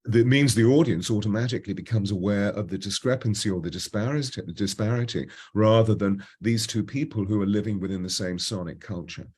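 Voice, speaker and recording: A husky, low-pitched man in his seventies speaks in a polished British Received Pronunciation accent. He is a voice coach telling stories as an interview guest. His delivery swings between animated bursts and slow, hushed phrasing. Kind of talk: reflective interview storytelling.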